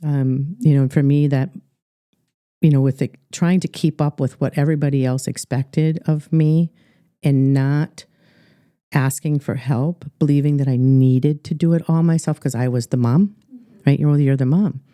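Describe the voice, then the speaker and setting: A middle-aged woman with an Upper Midwest American accent, a life coach telling her story earnestly in a podcast interview, halting with many fillers. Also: sits low, steady tone, mellow, no room sound, clean studio sound.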